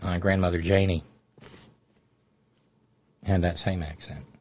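A man's voice: sits low, fairly even intonation, slow pace, darkish tone. A middle-aged man hosting a radio show, telling a family story in a rambling, digressive way. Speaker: radio host. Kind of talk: casual radio monologue.

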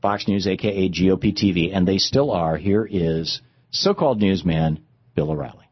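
A man's voice: low voice, moderate pace, slightly rough, dry recording, lo-fi sound. A man hosting a political talk show, ranting with sarcastic indignation. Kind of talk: political commentary rant.

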